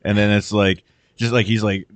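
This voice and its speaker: A man's voice: on the low side, flat delivery, normal speed, no echo. A man casually retelling a movie on a podcast, rambling, swearing often and acting out the characters' lines. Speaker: podcast host.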